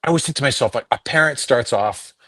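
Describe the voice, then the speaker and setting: A middle-aged voice actor, a guest in an interview, telling animated stories and slipping into quick impressions. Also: male voice, mid-range voice, no room sound, studio quality. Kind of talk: storytelling interview talk.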